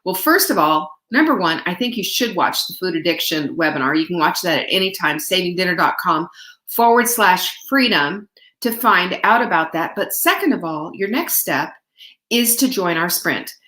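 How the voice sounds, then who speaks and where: Greeting her viewers by name and laughing a lot, a middle-aged livestream host keeps things casual, chatty, and warm. Her voice sits fairly low, animated and at normal speed, and the audio is reverberant.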